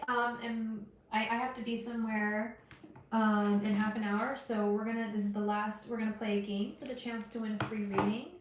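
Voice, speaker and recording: A woman hosting a live tarot reading, talking gently and directly to her viewers with frequent restarts. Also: on the high side, roomy sound, slight background noise, poor audio. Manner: gentle, soothing, talks straight to viewers; emotional, hesitant restarts. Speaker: tarot reader livestream host. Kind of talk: casual livestream reading.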